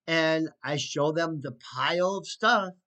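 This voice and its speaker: A man telling a personal story in a casual, indignant way, with sarcastic asides and halting restarts. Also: on the high side, pushed and bright. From United States. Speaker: storyteller recounting trouble with neighbors. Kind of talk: casual spoken storytelling to camera.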